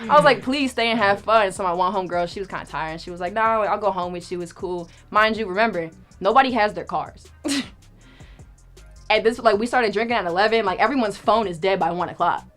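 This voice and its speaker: A young woman telling a story in casual chat, animated and profane, acting out what people said. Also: mid-range voice, a little fast, soft background music. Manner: animated, profane, acts out quoted lines. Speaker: storyteller guest.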